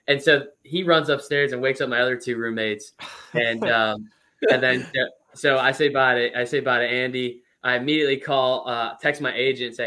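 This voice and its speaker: A man in his twenties, a former pro baseball player, telling stories as a guest in a casual interview, chatty and lively with lots of fillers. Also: mid-range voice, a little fast.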